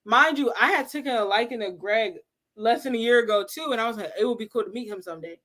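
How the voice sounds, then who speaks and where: A woman hosting a casual livestream, telling a story in an animated, laughing way and acting out what people said. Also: fairly high pitch, fast talker. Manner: animated, laughing storyteller who acts out quotes. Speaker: livestream host.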